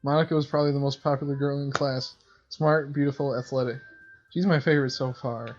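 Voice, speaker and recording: A man's voice: medium pitch, steady tone, a little fast, a little mellow, dull audio, soft background music. Man casually reading game narration. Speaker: player reading a visual novel aloud.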